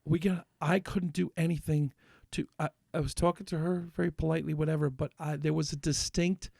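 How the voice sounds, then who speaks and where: Ranting gravelly man, worked up. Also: fairly high pitch, little pitch movement, fairly quick, a little mellow, dry recording, studio quality. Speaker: podcast co-host. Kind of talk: heated casual chat.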